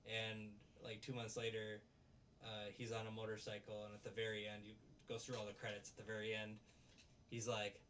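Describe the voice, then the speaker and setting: A man's voice: fairly low pitch, monotone, brisk, a bit bright, distant mic, a little hiss or hum. A man recapping and reviewing a show in a casual, rambling, enthusiastic way, with many fillers and restarts. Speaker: anime reviewer.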